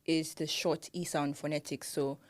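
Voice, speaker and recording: A young Nigerian woman with a Nigerian accent, co-hosting a podcast in casual chat, animated and laughing often as she mimics pronunciations. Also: sits low, normal speed. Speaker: podcast co-host.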